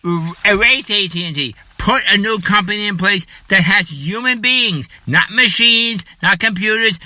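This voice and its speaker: A man delivering an angry political rant, shouting and repeating himself, then quieting down to apologize for his anger. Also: unhurried, hardly any pauses, no room sound. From United States. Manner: furious, shouting, repetitive, later apologetic and lower. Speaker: political commentator.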